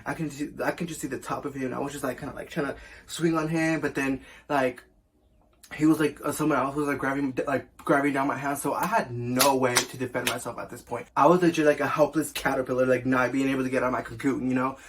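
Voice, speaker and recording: A man's voice: mid-range voice, fairly even intonation, fast, noisy background. A young man telling a casual storytime as a vlogger, chatty and full of fillers, swearing often.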